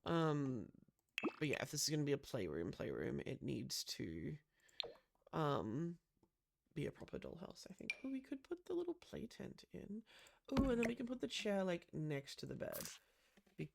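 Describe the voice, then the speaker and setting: A woman's voice: low voice, sing-song, normal speed, gravelly, background noise. A woman chatting casually with lots of gasps and "um"s as she builds a room in a life-sim game. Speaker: Sims builder. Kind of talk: casual gameplay commentary.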